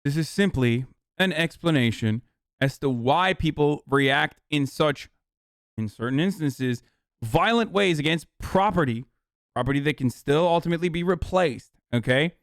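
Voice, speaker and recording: A man's voice: on the high side, lively intonation, normal speed, no room sound, studio quality. Heated, exasperated male streamer. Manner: heated, exasperated, profane rant with restarts. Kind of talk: live-stream political commentary.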